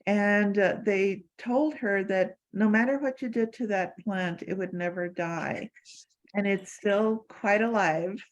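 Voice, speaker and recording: A woman's voice: mid-range voice, slow, dull audio. An older woman answering audience questions, telling personal stories with frequent fillers and restarts. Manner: warm anecdotal, many fillers and restarts. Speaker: former assistant sharing memories. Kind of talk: lecture Q&A storytelling.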